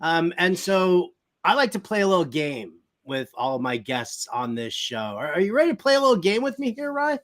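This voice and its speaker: A man hosts a casual sports talk show with a fairly high voice. He teases his guest in a playful, game-show manner. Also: very animated, normal speed, fairly bright tone. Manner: playful, teasing, game-show style quizzing.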